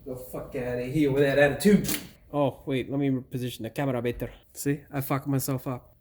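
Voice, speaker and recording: A man's voice: mid-range voice, level tone, brisk, a little mellow, a little hiss or hum. A man working as a mechanic, swearing, grumbling and joking to himself as he works in a workshop. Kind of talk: casual workshop vlog. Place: workshop with an air compressor.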